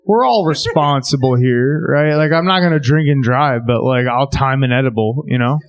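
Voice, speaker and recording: A man's voice: medium pitch, moderate pace. A man doing a stand-up set in a basement venue, laid-back and rambling with lots of fillers. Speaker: stand-up comic.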